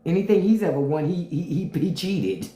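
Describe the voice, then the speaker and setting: A woman's voice: on the low side, moderate pace, warm tone, reverberant. A woman hosting a casual livestream, talking bluntly and profanely and answering viewer comments. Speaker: livestream host.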